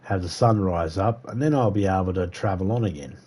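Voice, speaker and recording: A man from the United States live-streams a survival game, rambling and casually cursing as he talks with viewers. His low-pitched voice is brisk, a little mellow and has a breathy edge.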